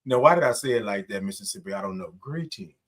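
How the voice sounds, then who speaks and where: A man's voice: on the low side, rapid-fire, a little hiss or hum. A man hosting a casual morning livestream, greeting viewers by name and stretching out his sung greetings. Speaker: livestream host.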